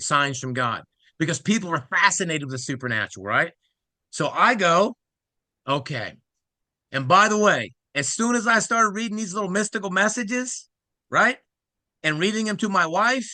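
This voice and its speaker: A middle-aged man from Ohio, excitedly telling his conversion story as an interview guest and acting out the quoted speech of others. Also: a little high, no room sound. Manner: excited, acts out quoted speech, fast asides.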